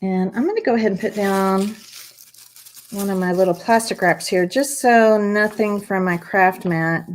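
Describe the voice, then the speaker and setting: A woman's voice: medium pitch, normal speed, a little hiss or hum. A woman hosting a live craft stream, chatting as she demonstrates each step. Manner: chatty, encouraging, talks viewers through each step. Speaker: craft channel host.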